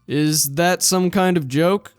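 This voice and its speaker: A skeptical young hacker from a visual novel, deadpan and unimpressed, as a man reads his lines. The voice sits a bit higher than usual for a man. The recording is dry and close, with faint music behind. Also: slow pace, smooth, dry recording. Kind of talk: reading game dialogue aloud.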